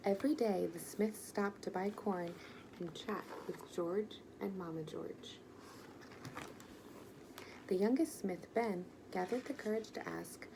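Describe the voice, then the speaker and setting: A woman gently and expressively reading a children's picture book aloud. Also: medium pitch, measured pace, creaky, noisy background. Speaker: storyteller.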